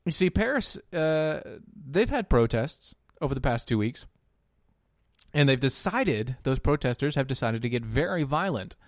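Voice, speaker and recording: A man's voice: mid-range voice, very animated, dry recording, studio quality. Sarcastic man commentating. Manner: sarcastic asides muttered under his breath; halting, with frequent fillers and restarts. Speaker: political commentator. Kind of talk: opinion commentary.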